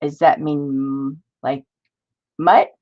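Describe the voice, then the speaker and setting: A woman's voice: deep voice, steady tone, slow pace, muffled recording. A woman hosting a crafting livestream, chatting casually and reading old-fashioned text aloud, stumbling over hard words and exclaiming in disbelief.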